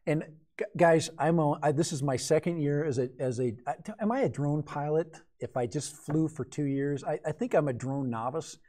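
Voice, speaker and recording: A man's voice: fairly high pitch, normal speed, warm tone. A man in his fifties hosting a casual live stream, rambling and joking with viewers in chat as a hobby drone pilot. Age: 50s.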